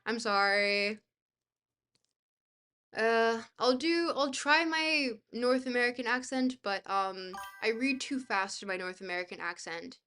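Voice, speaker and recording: A woman with a fairly high voice reads a dense book aloud on a live stream. She keeps breaking off to chat, hesitating with fillers and laughing at herself. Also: lively intonation, measured pace, bright, forceful tone, smooth, faint music behind. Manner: laughs easily, self-deprecating.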